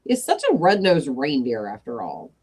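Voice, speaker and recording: A woman's voice: a bass voice, very animated, normal speed, darkish tone, husky, voice pushed down, exaggerated voice. A woman voicing Jack Frost as a fussy, grumbling wintry man in a storybook reading.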